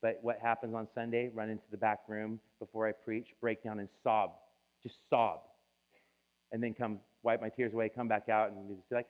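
Speaking a little fast in a lowish, steady voice, a pastor preaches a sermon built around his own story, told with emotion and confession. The recording sounds tinny, as if over a phone.

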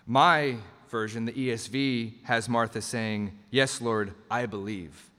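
A man's voice: medium pitch, fairly even intonation, slow, sharp tone, smooth. A man preaching a sermon as pastor, earnest and emphatic, often repeating himself as he builds a point. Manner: earnest, emphatic preaching with frequent restarts and asides. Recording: long reverb of a large hall.

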